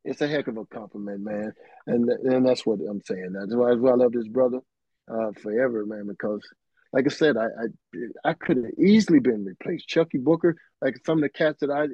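A man, a guest musician, telling stories in a casual interview, animated and dropping "man" and "you know" as he goes, heard through earbuds on a remote call. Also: medium pitch, fairly quick, breathy edge, no echo, highs cut off.

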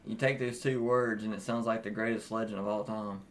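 A man's voice: fairly low pitch, fairly even intonation, a little fast, slight background noise. A man teasing his scene partner in an improvised comedy sketch, laughing often.

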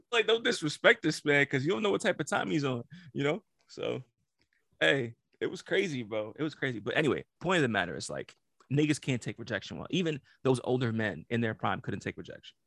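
Man, gravelly voice, dry close sound, casual storytelling, animated. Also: moderate pace, no echo. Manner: animated, swears freely, acts out quotes in a higher voice. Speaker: podcast co-host.

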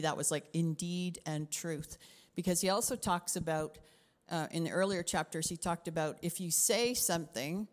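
Middle-aged Canadian woman pastor, lower voice, expressive sermon delivery with dips into whispers, echoing hall. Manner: expressive, drops to whispers for emphasis.

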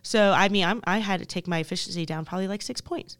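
A woman's voice: mid-range voice, fast talker, smooth, no room sound. A woman co-hosting a casual podcast, chatty and self-deprecating, who stops to explain terms. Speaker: podcast co-host.

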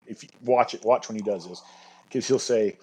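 Male podcast guest, bagpiper; husky, breathy tone; enthusiastic, meandering delivery. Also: fairly low pitch, moderate pace, darkish tone, rough recording. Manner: earnest, rambling, enthusiastic. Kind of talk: casual podcast chat.

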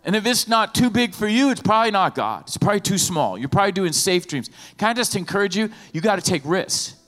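Animated preaching man, high voice. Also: fast talker. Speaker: pastor. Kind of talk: sermon. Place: church sanctuary. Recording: long hall reverb with faint music.

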